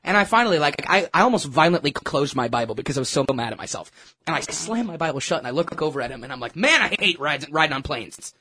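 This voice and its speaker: A man telling a personal story in a casual, animated, self-mocking way, with lots of restarts. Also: on the high side, fast, husky. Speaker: churchgoer sharing a testimony.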